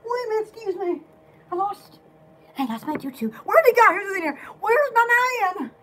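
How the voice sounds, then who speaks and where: A woman in casual, rambling chat, excitable and giggly, often restarting her sentences. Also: very high-pitched, fairly quick, slight background noise. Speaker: store vlogger.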